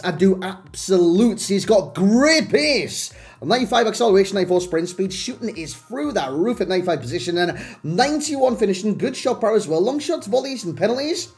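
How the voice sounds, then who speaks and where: Young guy with a highish voice doing a chatty game review, bit rambly, music quietly behind. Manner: chatty, self-deprecating, rambling with restarts. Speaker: gaming channel host. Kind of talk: casual game review commentary.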